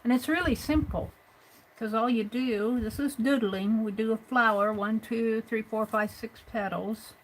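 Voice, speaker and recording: A woman's voice: on the high side, steady tone, measured pace, poor audio. A woman hosting a live drawing tutorial, chatting and thinking aloud as she narrates and counts each stroke. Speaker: art stream host.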